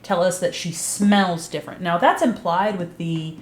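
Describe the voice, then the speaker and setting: A woman casually recapping a TV series, swearing freely and acting out characters' lines in an animated storytelling way. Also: lowish voice, moderate pace. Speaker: video recap host. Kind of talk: casual profane recap commentary. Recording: roomy echo with faint background hiss.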